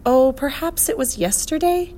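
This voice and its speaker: A woman's voice: sits high, expressive, moderate pace, mellow, pitched above the performer's own voice. A woman voicing a forgetful, evasive male oink creature in a storybook reading, solemn and sing-song.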